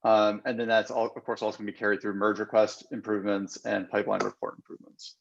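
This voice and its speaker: A man hosting a work video-call meeting, speaking in a measured, businesslike way. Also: on the low side, monotone, creaky, dull audio. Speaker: meeting host.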